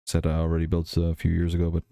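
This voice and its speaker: Man, softened Irish accent, deep dark voice, casual stream chat, relaxed and rambling. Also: fast talker, creaky, no room sound, studio quality. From Ireland. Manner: rambling, relaxed, many fillers and restarts. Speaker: livestream host. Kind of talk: casual chat while building and reading chat.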